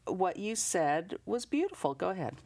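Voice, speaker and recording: A woman's voice: fairly low pitch, big pitch swings, moderate pace, a little mellow. A woman hosting a talk show, affirming her guest and chiming in with agreement. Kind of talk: casual interview.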